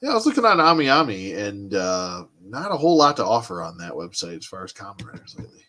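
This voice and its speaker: A man in his thirties hosts a casual livestream. He rambles and thinks aloud as he answers his chat, and his pitch swings up and down freely. His voice has a bright, forward edge. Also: very animated, quick pace. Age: 30s. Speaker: toy collecting livestream host.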